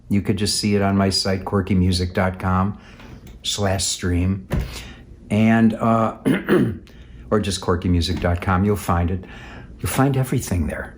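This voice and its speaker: A man's voice: lowish voice, darkish tone. A man co-hosting a casual chat, playfully adding to a shared story and plugging an upcoming concert. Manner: playful, chatty, joins in on the story. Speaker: co-host and musician.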